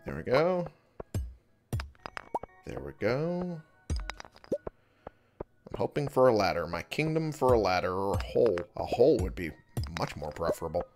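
Guy narrating his game run, slow easygoing talk, voice swoops up and down a lot, game music behind. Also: fairly low pitch, big pitch swings. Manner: chatty, talks to himself while playing. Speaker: gaming video host. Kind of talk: casual let's-play commentary.

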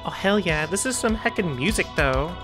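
A woman's voice: on the low side, lively intonation, moderate pace, over music. Jumpy chatty woman gamer. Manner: chatty, jumpy, laughs often. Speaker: gaming streamer. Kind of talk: let's play commentary.

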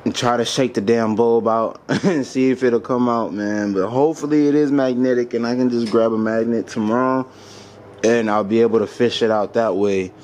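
A man's voice: mid-range voice, fairly even intonation, moderate pace, a little mellow. Frustrated man vlogging a car mod. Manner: frustrated, exasperated, laughing it off. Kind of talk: casual vlog.

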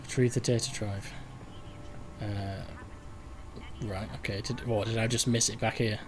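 A man's voice: lowish voice, level tone, measured pace, noisy background. A man casually narrating his own video game play, musing aloud and rambling. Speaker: gaming video host. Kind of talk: casual let's play commentary.

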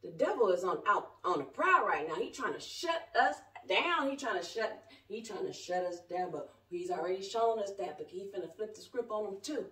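Her mid-range voice has lively intonation and moves at normal speed with hardly any pauses. A self-proclaimed prophet in her 40s, she preaches spontaneously and passionately to a distant camera in an echoey room at home, rambling colloquially and alternating shouts with quiet asides.

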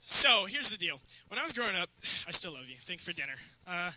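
A young man hosting a talent show on stage, joking loudly and breaking into banter with his co-host. His voice sits high and sounds very bright and sharp. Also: sing-song, fairly quick, no room sound, rough recording. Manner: loud, joking, interrupting banter. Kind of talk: live stage comedy hosting.

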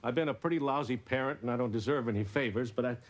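An actor playing a washed-up older stand-up comedian in a 1980s sitcom, eager and wisecracking, stammering when nervous. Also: male voice, medium pitch, quick pace, natural voice. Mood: pleading. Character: washed-up older male stand-up comic, brash joker. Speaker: sitcom character. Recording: hissy old TV recording.

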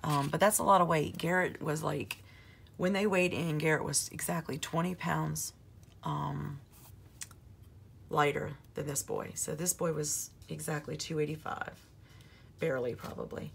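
A woman in her forties with a hoarse voice, telling a long story in a casual vlog, rambling with plenty of fillers. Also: deep voice, steady tone, unhurried. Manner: chatty, rambling with many fillers. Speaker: planner vlogger.

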